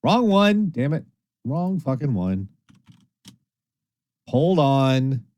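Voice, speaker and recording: A man hosts a late-night stream in a casual, rambling way. His pitch leaps up and down as he talks, and he sounds tired. The close mic makes his voice dry, with no room sound. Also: extremely slow, no echo. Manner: lively, rambling, swears casually. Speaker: internet radio host.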